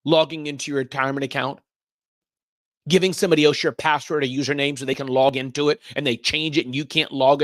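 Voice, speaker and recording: A man's voice: on the high side, dry recording, clean studio sound. A middle-aged man hosting a live business show, riffing energetically and giving emphatic warnings. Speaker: show host.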